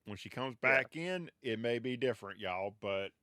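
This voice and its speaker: A man narrating a tabletop game as game master in a relaxed, drawling way. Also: mid-range voice, moderate pace, dry recording, clean studio sound.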